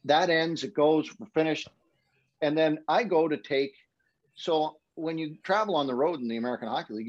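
Casting: man, broadcaster guest, lively storyteller, mid-pitched, dull dry podcast sound. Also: dry recording. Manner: animated storyteller, acts out quotes with high voice jumps. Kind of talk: casual storytelling chat.

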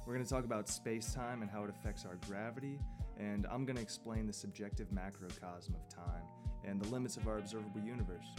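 A man hosting a casual podcast, welcoming listeners and getting loud and excited when the talk heats up. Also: on the low side. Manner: excitable, raises his voice when worked up. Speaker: podcast host. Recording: music playing behind the voice.

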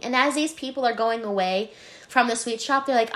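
A woman's voice: sits high, a little slow. A young woman co-hosting a casual podcast, telling a work story with lots of swearing and laughter. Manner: animated, swears freely, laughs while telling. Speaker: podcast co-host, hotel front desk worker.

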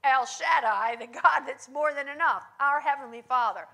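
A woman's voice: high-pitched, normal speed, sharp tone. A woman teaching on prayer in a sermon style. She speaks with emphasis and often checks in with her listeners. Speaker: Bible teacher.

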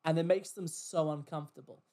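A man's voice: a little high, a little fast. Man, podcast host, casual storytelling, swears a lot, acts out customer voices, poor audio. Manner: animated, swears, mimics customers in quoted voices.

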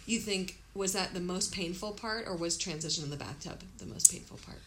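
A woman's voice: on the low side, a little fast, a bit bright, poor audio. A woman hosting a casual interview, supportive, asking questions and affirming often. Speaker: podcast host. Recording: faint background noise.

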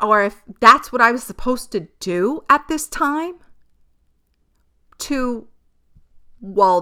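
A woman's voice: medium pitch, sharp tone, clean tone. A young woman hosting a podcast, telling a personal story in a candid, exasperated way, swearing and laughing often. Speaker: podcast host. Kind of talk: casual storytelling monologue.

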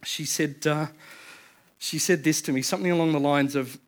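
A man in his thirties preaching a sermon, telling it like a story to his listeners. He speaks in a slightly high voice and often breaks off to restart or add an aside. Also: fairly even intonation, normal speed. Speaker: pastor.

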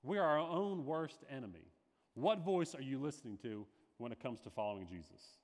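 A man's voice: medium pitch, expressive, moderate pace, in a large hall. A male pastor preaching a sermon, slipping into quoted voices with dramatic shifts.

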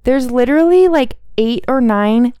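Wry woman with a smooth voice. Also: a little high, expressive, unhurried, mellow, no room sound, clean studio sound. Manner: wry, teasing. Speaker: podcast co-host. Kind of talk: casual chat. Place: small room.

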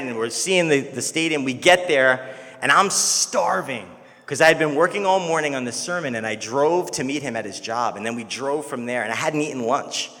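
Bright-voiced young pastor in a reverberant church. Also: male voice, fairly high pitch. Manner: conversational storytelling, animated when quoting others. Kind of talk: sermon.

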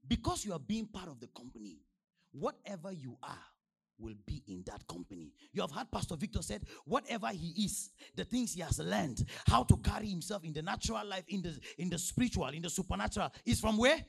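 A man with a Nigerian accent preaches with a highly animated, swooping delivery. His voice sits a little high with a gravelly edge. He keeps quizzing the congregation and lurches between quiet asides and loud, emphatic declarations. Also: a little fast. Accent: Nigerian English. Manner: animated preaching with call-and-response questions to the congregation. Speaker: pastor. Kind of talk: sermon.

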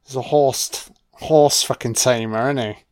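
A man riffs casually over a film, laid-back and liberal with his swearing. He talks slowly in a clear, smooth voice of middling pitch. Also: steady tone. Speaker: film commentator. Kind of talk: casual audio commentary.

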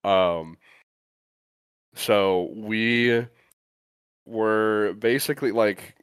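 Young Midwestern man, podcast co-host, meandering and relaxed, low and smooth. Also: drawn-out words, no echo. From US Midwest, Great Lakes state. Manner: rambling, filler-heavy, relaxed. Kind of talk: casual chat.

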